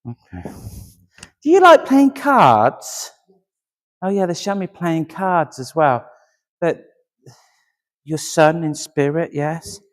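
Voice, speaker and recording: A man's voice: mid-range voice, dry recording. Man, medium at a service, friendly and chatty, laughs often, dry close sound. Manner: chatty, keeps asking "do you understand", laughs easily.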